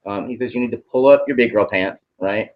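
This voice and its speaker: A man's voice: medium pitch, a little fast, highs cut off. A man channeling messages in a casual, hesitant way, with many ums and some casual swearing.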